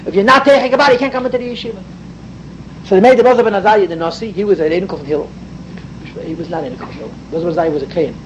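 A man's voice: sits high, very fast, noisy background. A man giving an emphatic Torah class, explaining mystical ideas and mixing in Hebrew and Yiddish terms. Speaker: rabbi teaching Torah.

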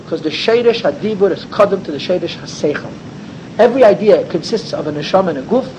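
Animated high-voiced man teaching a class. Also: fast talker, muffled recording, a little hiss or hum. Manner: animated, rhetorical questions, sweeping pitch for emphasis. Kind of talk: Torah class lecture.

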